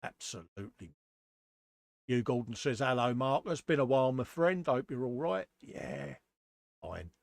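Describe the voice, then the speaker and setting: A man's voice: medium pitch, big pitch swings, a little slow, creaky, dry recording. A man co-hosts a late-night live stream, running through the chat and greeting each viewer with a friendly "mate." His voice sits in a middling range. It is recorded close and dry, with no room sound. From United Kingdom. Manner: reads out chat messages and greets viewers one by one.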